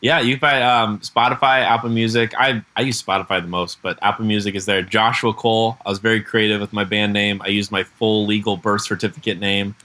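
Man, musician guest; bright, forward voice, chatty, loves a funny story. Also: lowish voice, brisk, hardly any pauses. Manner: animated storyteller, jokey. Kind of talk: casual interview chat.

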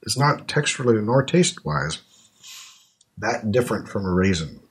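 A man talks casually in a low, husky voice. He muses and thinks out loud, trailing off into fillers as he goes. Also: lively intonation, moderate pace. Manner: chatty, thinks aloud with fillers while eating. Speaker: podcast host tasting snacks. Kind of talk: casual chat.

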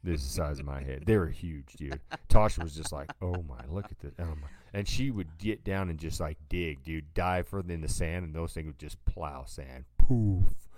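A man's voice: rumbling low, moderate pace, few pauses, a little mellow, no room sound. A man co-hosting a podcast, casually telling a rambling story and calling his listener "dude" a lot. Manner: laid-back, rambling, says "dude" a lot. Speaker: podcast co-host.

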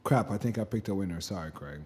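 A man co-hosting a casual podcast, telling animated stories and acting out the quotes in them. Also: low voice, quick pace, slight background noise. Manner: animated storyteller, acts out quotes. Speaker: podcast co-host.

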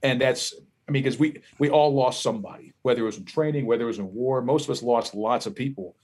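On a casual podcast, a Philadelphia-accented musician guest talks fast in a mid-range voice, spinning animated stories laced with profanity.

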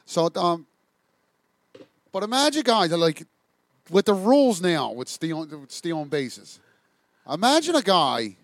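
A man with an expressive, bouncing pitch talks sports in loose banter, stammering into his points. The sound is close and dry. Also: a little slow, long pauses, no room sound. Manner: lively, stammering restarts, profane. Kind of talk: casual sports chat.

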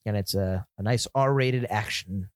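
A man co-hosting a film podcast, calmly summarizing a plot in casual chat. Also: lowish voice, measured pace, no room sound. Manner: easygoing, laughs often, steady explaining. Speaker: podcast co-host.

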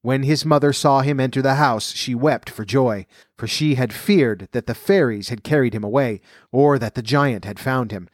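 Male storyteller, mid-pitched voice, steady fairy-tale narration, dry close recording. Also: normal speed, no echo.

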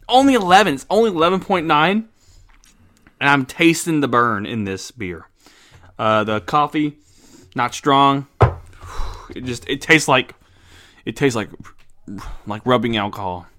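Male podcast host, casual and blunt, bright forceful voice, swears freely, excitable. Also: medium pitch. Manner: blunt, excitable, swears and laughs often, many restarts. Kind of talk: casual podcast beer review and wrestling recap.

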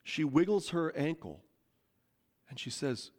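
A man preaching a sermon, telling a story in a lively, conversational way and acting out the quotes. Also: a little high, normal speed. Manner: animated, conversational, acts out quotes. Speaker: pastor.

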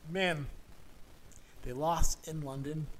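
A man's voice: on the high side, steady tone, slow, a bit bright. A man co-hosting a sports podcast, making crude jokes and stammering through restarts in casual banter. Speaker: podcast co-host.

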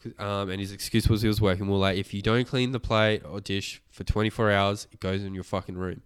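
A man's voice: fairly low pitch, little pitch movement, fairly quick, clear, resonant tone. A young man co-hosting a casual chat, telling a story with lots of swearing and heat. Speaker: podcast co-host.

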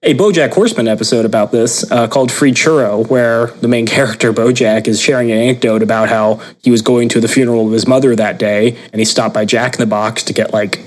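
A man's voice: medium pitch, quick pace, few pauses, rough recording. A young man co-hosting a podcast, chatting casually and acting out the people he quotes. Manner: animated, acts out quoted people in voices. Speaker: podcast co-host. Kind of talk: casual conversational chat.

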